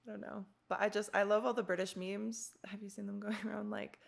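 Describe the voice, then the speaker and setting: Young adult female podcast host, loose and chatty, strong gravelly fry. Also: medium pitch, level tone, fairly quick. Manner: rambling, giggly, swears casually. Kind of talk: casual chat.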